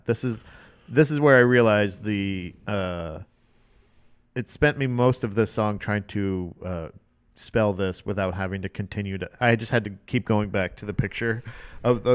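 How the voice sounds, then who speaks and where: A man's voice: lowish voice, clear, resonant tone. A man co-hosting a casual comedic music podcast, talking in a rambling, playful way with many fillers. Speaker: podcast co-host.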